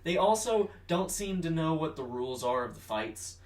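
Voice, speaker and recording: A man co-hosting a podcast in casual chat, relaxed and wry while explaining martial arts details. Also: on the high side, moderate pace. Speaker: podcast co-host. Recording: roomy room, mic at a distance.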